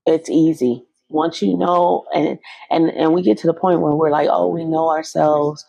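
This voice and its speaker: A woman's voice: low voice, fairly even intonation, moderate pace, creaky, mellow, poor audio. A woman guest, a belief coach, chatting casually and reassuring the host. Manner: reassuring, supportive. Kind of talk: casual chat.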